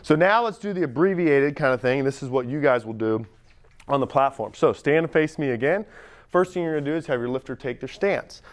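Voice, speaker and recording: A young man coaching lifters on a gym platform, energetic and talking straight to the group, recorded on a camera mic as he moves around. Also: medium pitch, a little fast. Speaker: strength coach. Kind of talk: live coaching demonstration. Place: gym platform at a lifting camp.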